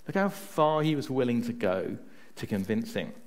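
A man's voice: mid-range voice, big pitch swings, moderate pace, a little mellow. A man preaching a conversational sermon, telling personal stories and often checking in with his listeners. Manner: chatty, often adds "right?" to check in with listeners; tells personal stories to make a point.

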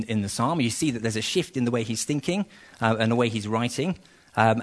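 A man preaching an evening sermon, earnest and conversational, with sudden rises in emphasis and frequent fillers. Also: medium pitch.

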